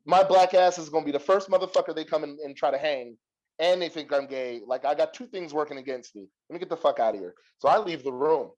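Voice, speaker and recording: A young adult man hosting a podcast and telling a long story in a profane, animated way, laughing often. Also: a little high, fast, highs cut off. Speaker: podcast host. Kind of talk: casual storytelling.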